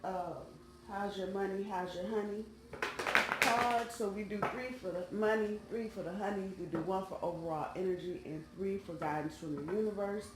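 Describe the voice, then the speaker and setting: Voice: medium pitch, moderate pace, background noise. A tarot reader chatting casually and colloquially to viewers while laying out cards. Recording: roomy sound, faint background music.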